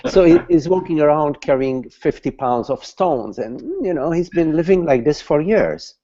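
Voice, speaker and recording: A man giving a satsang talk as a spiritual teacher, speaking slowly and haltingly and repeating words as he searches for them, over dull online call audio. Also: on the high side, animated, warm tone.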